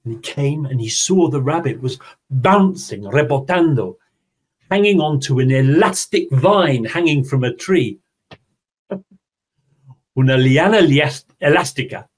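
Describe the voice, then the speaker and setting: A man's voice: mid-range voice, slightly rough. A man, a teacher trainer, telling a story expressively and then explaining it to his audience in an online teaching seminar. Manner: slow, expressive storyteller, addresses the audience directly.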